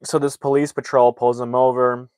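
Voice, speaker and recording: A man's voice: medium pitch, little pitch movement, moderate pace, darkish tone, clear, resonant tone, dry recording. A man recapping a movie plot in a casual, rambling way, full of fillers and restarts. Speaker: movie reviewer.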